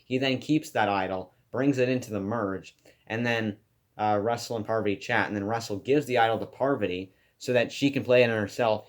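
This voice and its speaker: A man giving a casual, enthusiastic class presentation about a TV show he loves, rambling with fillers and restarts. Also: fairly low pitch. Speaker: student presenter.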